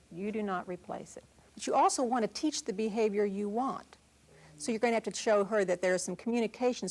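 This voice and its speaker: A woman parenting expert giving calm, direct advice on discipline and answering a caller's question. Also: mid-range voice, creaky. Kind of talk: instructional talk and call-in advice.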